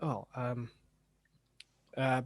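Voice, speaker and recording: A man's voice: medium pitch, little pitch movement, extremely slow. A man player narrating his character in a tabletop game, hesitant with many fillers. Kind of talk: tabletop role-play narration.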